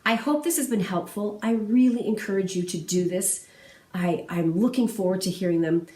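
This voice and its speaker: A woman giving a singing lesson, explaining diction, phrasing and breathing in a clear, encouraging, methodical way. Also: mid-range voice, normal speed, dark tone. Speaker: vocal music instructor. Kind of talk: instructional talk to singers. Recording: roomy sound from a distance.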